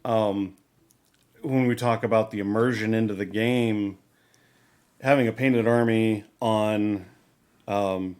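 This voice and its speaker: A man's voice: on the low side, steady tone, slow, pauses often, a little mellow. A man hosting a casual hobby podcast, talking loosely with fillers and restarts. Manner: rambling, many restarts and fillers. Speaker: podcast host.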